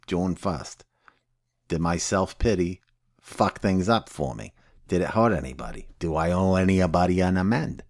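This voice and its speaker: A man's voice: deep voice, no echo, clean studio sound. A man voicing Sober Patty, a blunt, foul-mouthed woman who sponsors people in recovery and teaches the steps casually with constant swearing. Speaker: recovery step instructor.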